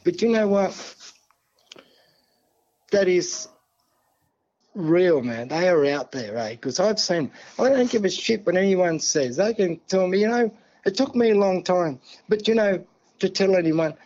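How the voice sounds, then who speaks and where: A man's voice: sits high, lively intonation, a little slow, pauses often, a little mellow, muffled recording. A man from Australia with an Australian accent, a podcast guest telling a long story in a rambling, chatty way and swearing freely. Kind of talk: casual storytelling.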